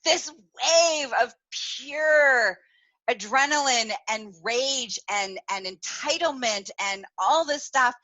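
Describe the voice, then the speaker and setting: A woman hosting a podcast tells a personal story candidly and with animation, laughing often and swearing freely. Her voice sits high and she speaks slowly, though the recording is muffled.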